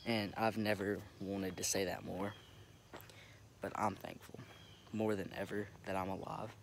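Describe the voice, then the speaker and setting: A young man recording himself on his phone, talking haltingly with many restarts as he holds back tears. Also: sits low, level tone, vocal fry. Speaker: vlogger. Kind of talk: emotional direct-to-camera update. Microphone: phone camera. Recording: phone recording with noticeable background noise.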